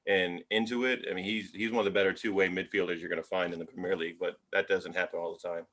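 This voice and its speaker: Deep-voiced dude chatting sports, laid back, lots of likes and ums. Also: male voice, fast. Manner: relaxed, filler-heavy. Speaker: podcast co-host. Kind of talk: casual sports chat.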